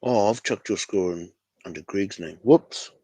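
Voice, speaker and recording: A man's voice: lowish voice, a little slow, dark tone, slightly rough, no echo. A man with a New Zealand accent hosting a casual fan livestream, laid-back and slangy, calling everyone bro. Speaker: fan show host.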